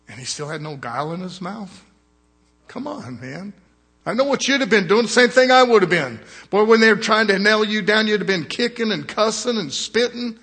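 Man preaching a sermon, folksy and fervent, bright husky voice, reads scripture out loud. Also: high voice, expressive, moderate pace. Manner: folksy, fervent preaching with Bible reading and acted asides.

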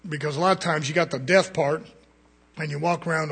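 A man preaching a fiery sermon, swinging from quiet asides to shouted peaks. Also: a little high, steady tone, a little fast, breathy edge.

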